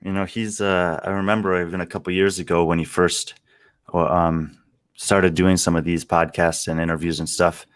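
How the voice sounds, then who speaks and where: A man co-hosting a podcast, speaking in a measured and thoughtful way. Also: low voice, level tone, no room sound, clean studio sound. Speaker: podcast co-host. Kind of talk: casual podcast chat.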